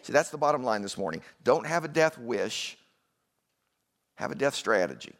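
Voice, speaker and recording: A man's voice: mid-range voice, big pitch swings, moderate pace, fairly bright tone. A man preaching a sermon in a conversational way, with asides and questions to the congregation. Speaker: pastor.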